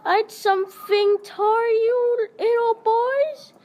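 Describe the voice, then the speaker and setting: A woman doing a shrill, teasing prankster boy. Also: fairly even intonation, takes it slowly, a little mellow. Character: mischievous boy faking a shrill girlish voice.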